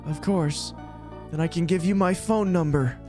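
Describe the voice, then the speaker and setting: A man voicing a gentle, motherly goat woman in a game, speaking formally and politely with no contractions. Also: on the high side, moderate pace, faint music behind, pitched above the performer's own voice, close to an everyday voice.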